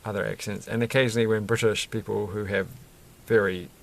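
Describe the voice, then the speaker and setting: A man's voice: lowish voice, flat delivery, brisk, gravelly. A man chatting casually and rambling while building a Lego set, often chuckling and correcting himself.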